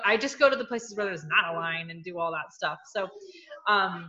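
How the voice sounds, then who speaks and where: A woman hosting a casual group chat, chatty and quick with asides and laughter. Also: mid-range voice, bright, forceful tone, roomy sound. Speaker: podcast host. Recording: dull lo-fi call audio with faint noise.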